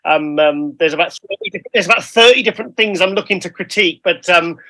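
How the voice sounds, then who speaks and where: Brief: British male co-host, bright tone, chatty storyteller who rambles. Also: high-pitched, fast, rough recording. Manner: rambling, self-deprecating storyteller. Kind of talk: casual podcast chat.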